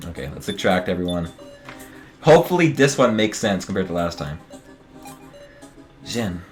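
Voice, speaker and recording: Man, game streamer, casual commentary, joking asides, lively swooping pitch, faint music underneath. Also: moderate pace. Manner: joking, muttering asides to viewers.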